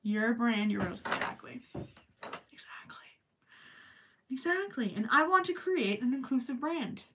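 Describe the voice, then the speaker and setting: Woman streamer, casual craft chat, bright voice, a little off-mic, swings from emphatic to hushed. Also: a little high, normal speed, distant mic. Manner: animated, emphatic, trails off to near-whispers. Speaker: crochet live streamer.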